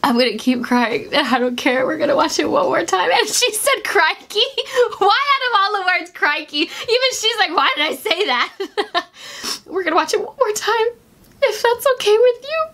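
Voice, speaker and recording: A woman in her twenties reacting to a cartoon, crying and excitedly exclaiming. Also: extremely high pitch, moderate pace. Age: 20s. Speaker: reaction video host. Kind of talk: emotional reaction commentary.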